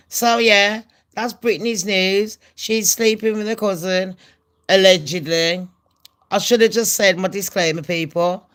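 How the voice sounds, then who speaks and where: A woman's voice: medium pitch, steady tone, unhurried, a bit bright. A middle-aged woman with a nasal voice, hosting a gossip vlog in a brash, sweary, chatty way. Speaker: gossip channel host.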